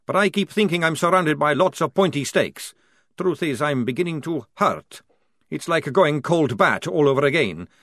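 A man voicing a nervous male vampire soldier who craves coffee, speaking in a complaining, drawn-out way. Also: on the high side, animated, fairly bright tone, no echo, studio quality, pitched above the performer's own voice. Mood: jittery.

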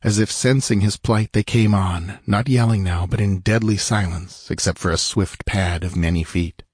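A man narrating an action-filled fiction story, measured and dramatic, slowing for grim moments and lifting for the fighting. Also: fairly low pitch, darkish tone, breathy edge, no echo, studio quality. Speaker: audiobook narrator.

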